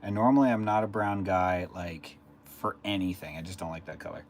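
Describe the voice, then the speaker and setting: A man's voice: sits low, steady tone, fairly quick, a little hiss or hum. A man casually chatting on a live stream. He rambles along and answers viewers' chat messages as they come in.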